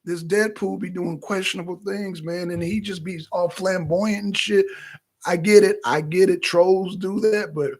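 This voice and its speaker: A man co-hosting a talk show, talking in a loose, profane, animated way and often acting out his own reactions. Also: sits high, normal speed. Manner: animated, loose and profane, slips into quoting himself. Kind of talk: casual profane commentary.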